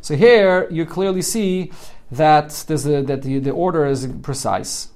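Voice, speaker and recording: Guy teaching talmud in yeshivish english, kinda high voice, reads the aramaic then explains it line by line. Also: measured pace, darkish tone. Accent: English with Yeshivish Hebrew and Aramaic terms. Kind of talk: daily Talmud study class.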